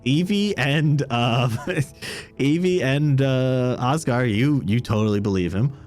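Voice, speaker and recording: A man narrating a tabletop game as game master, in a relaxed, rambling storytelling way. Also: medium pitch, slow pace, faint music behind.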